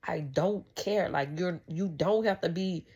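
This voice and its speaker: A woman's voice: lowish voice, a little slow, darkish tone, husky, lo-fi sound. A woman vlogger talking casually about faith and family, rambling and heartfelt, with many restarts. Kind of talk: casual faith talk to camera.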